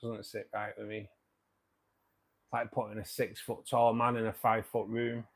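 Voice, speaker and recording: A man hosting a casual live stream, greeting viewers by name and chatting loosely, his sentences often trailing off softer at the end. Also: on the low side, flat delivery, normal speed, gravelly. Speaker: livestream host. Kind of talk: casual live chat reading viewer comments.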